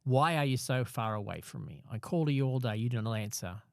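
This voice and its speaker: A man's voice: mid-range voice, expressive, fairly quick, gravelly, dry recording, clean studio sound. A man co-hosting a casual Bible discussion, explaining passages and reading a psalm aloud with rising emphasis. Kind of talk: casual Bible study chat.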